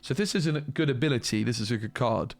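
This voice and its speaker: A man giving casual, animated commentary as he reviews trading cards, thinking aloud and restarting sentences as he goes. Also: mid-range voice, quick pace, no room sound. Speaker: card game reviewer.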